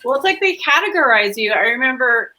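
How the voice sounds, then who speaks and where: A woman hosting a cooking show, chatting casually with quick asides. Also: high voice, expressive, sharp tone, poor audio. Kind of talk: casual chat.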